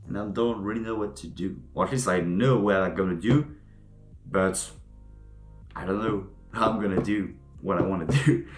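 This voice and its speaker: A young man, a vlogger musing aloud in a rambling way, often searching for his words. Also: low voice. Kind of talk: casual reflective monologue to camera. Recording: echoey room with faint music.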